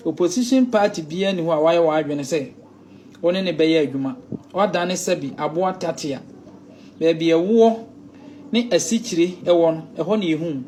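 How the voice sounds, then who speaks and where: A man's voice: high voice, a little mellow, slight background noise, poor audio. A Ghanaian man giving political commentary, lecturing a rival directly.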